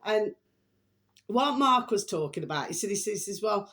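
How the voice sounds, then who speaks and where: A woman's voice: mid-range voice, expressive, a little slow, a bit bright. A woman hosting her own vlog, talking in a rambling, chatty way, often breaking off to apologize and to repeat a fond pet phrase to her viewers. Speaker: channel host. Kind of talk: rambling casual vlog chat.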